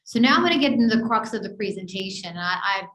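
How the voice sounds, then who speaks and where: A woman presenting an online business workshop, talking in an energetic, conversational way and checking in often with "right?". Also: medium pitch, fast, roomy sound, poor audio. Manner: energetic, conversational, many fillers and "right?" tags. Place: home office on a video call. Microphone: video call mic.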